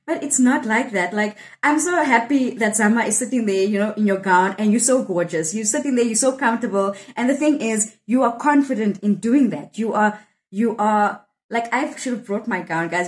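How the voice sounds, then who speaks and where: The audio is poor, but the woman's medium-pitched voice comes through at a moderate pace. In a candid, conversational interview, this South African poet in her thirties reflects earnestly on her poem, often restarting what she says.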